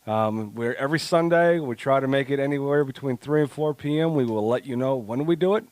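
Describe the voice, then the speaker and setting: A man's voice: medium pitch, a little fast, no room sound. Man, podcast co-host, crude rants, dry close mic. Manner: loud, crude, joking rants. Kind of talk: casual profane banter.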